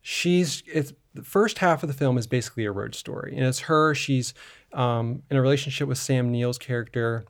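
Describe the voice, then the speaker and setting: A man's voice: mid-range voice, normal speed, vocal fry. A man co-hosting a film podcast, recapping a movie in a rambling, casual way with lots of fillers and restarts. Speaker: podcast co-host.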